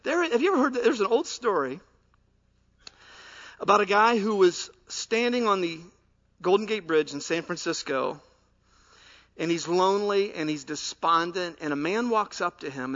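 A man preaching a sermon as pastor, telling stories in an animated way and dropping to soft, earnest tones. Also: high-pitched, moderate pace, pauses often, muffled recording.

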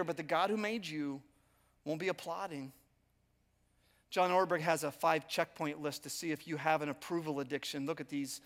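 A man's voice: high-pitched, a bit bright. A male pastor delivering a sermon, telling stories in a conversational, self-deprecating way. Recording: long hall reverb.

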